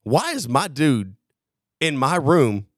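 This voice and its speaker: Man, casual storytelling chat, lively swearing delivery, acts out old lines, dry close sound. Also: a little high, slow, no room sound. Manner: animated, swearing, acts out his own past lines. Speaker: podcast co-host.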